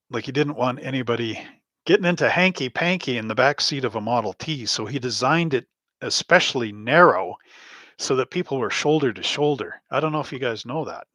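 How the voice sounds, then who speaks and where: A man's voice: mid-range voice, a bit bright, dry recording. Male host, casual live stream chat, rambling, anecdotal, chuckles often, dry close sound. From Canada. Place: home hobby room.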